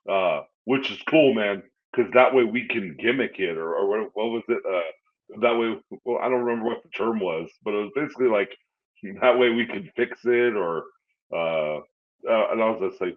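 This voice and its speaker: A man co-hosting a wrestling podcast, talking in a halting, slangy way with many fillers. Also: on the low side. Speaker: podcast co-host, pro wrestler. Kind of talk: casual chat. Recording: tinny phone-like line.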